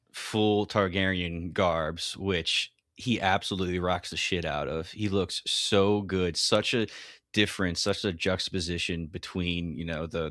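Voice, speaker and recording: A man's voice: fairly bright tone, dry recording, clean studio sound. A man co-hosting a podcast, chatting enthusiastically about a TV episode and acting out quotes. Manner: enthusiastic, acts out quotes with rising pitch. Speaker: podcast co-host. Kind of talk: casual TV recap chat.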